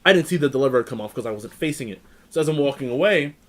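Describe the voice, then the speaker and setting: A man's voice: mid-range voice, animated, rapid-fire, fairly bright tone. Casual man telling a rambling story. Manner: rambling storyteller, swears freely, frequent restarts. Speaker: podcast co-host. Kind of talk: casual chat.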